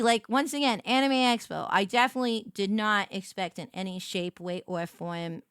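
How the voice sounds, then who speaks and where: A young woman streaming as a VTuber, telling a story in casual chat and greeting her viewers with big, bright jumps in her voice. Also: mid-range voice, normal speed, hardly any pauses, clear, resonant tone, no room sound, clean studio sound.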